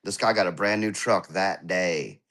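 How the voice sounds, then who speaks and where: A man's voice: deep voice, normal speed, fairly bright tone. A man chatting casually as a podcast host, laughing often and joking. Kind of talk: casual chat.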